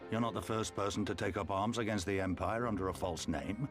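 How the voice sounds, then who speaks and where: A man's voice: on the low side, brisk, natural voice. An actor playing an older male resistance leader in a game cutscene, hearty and reassuring. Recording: game audio with faint music.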